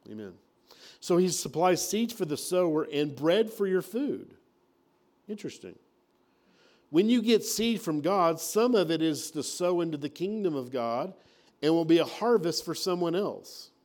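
A man's voice: fairly high pitch, animated, measured pace, a little mellow. A man preaching a sermon in a folksy, conversational way, acting out little everyday scenes. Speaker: pastor.

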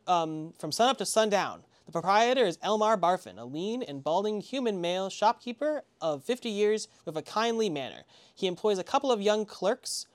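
A game master narrating a tabletop game, with a loose, rambling delivery. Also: mid-range voice. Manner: rambling, many fillers and restarts.

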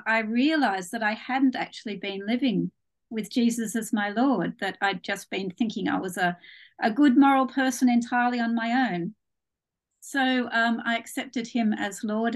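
An Australian woman who has lived in England for many years talks as a guest. Her voice sits a little high, and she speaks earnestly and in a measured way. She is heard over a remote call. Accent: Australian with some English influence. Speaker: guest author. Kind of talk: interview answers. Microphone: phone or video call from home.

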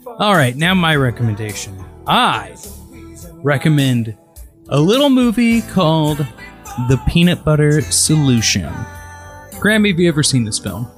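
A man's voice: fairly high pitch, very animated, measured pace, soft background music. A man co-hosting a podcast in casual chat, with a dry, wry sense of humor. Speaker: podcast co-host.

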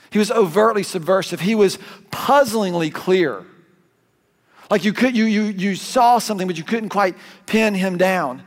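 Male Southern pastor, high voice, animated conversational sermon, reverberant sanctuary. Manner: conversational, animated preaching with asides and restarts. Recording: long hall reverb.

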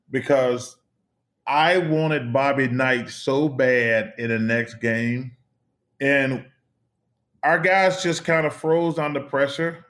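A former basketball player, a middle-aged American man, appears as an interview guest with a mid-range voice. He tells stories with animated emphasis, repeating phrases and swearing casually.

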